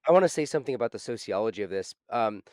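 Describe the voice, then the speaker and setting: A man hosting a casual podcast discussion, thoughtful and halting, with many fillers. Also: lowish voice, animated, a little mellow, dry recording, clean studio sound.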